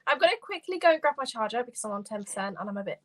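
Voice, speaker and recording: A teenage girl joins a casual group chat as a guest, giggly and a little bashful. Her high voice moves a lot, bright and full of life. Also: expressive, racing. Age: teens.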